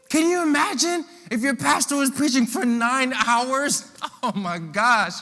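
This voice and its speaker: Animated, bright-voiced young preacher man. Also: extremely high pitch, measured pace, long reverb tail. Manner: animated, slangy, acts out voices of the disciples. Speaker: youth preacher. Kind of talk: lively storytelling sermon.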